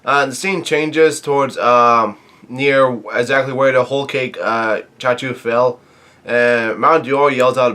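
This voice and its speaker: A man's voice: mid-range voice, fairly even intonation, slow, bright, forceful tone. A man casually recapping a comic chapter, reading the panels aloud and rambling with lots of fillers and restarts. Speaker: manga chapter reviewer.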